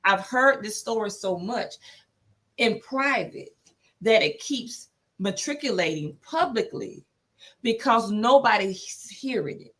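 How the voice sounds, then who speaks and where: A woman's voice: medium pitch, animated, takes it slowly, a bit bright. A woman hosts a talk podcast in a mid-range voice. She stresses her points firmly and turns to speak straight to her listeners. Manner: emphatic, addresses listeners directly. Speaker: podcast host. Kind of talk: talk show.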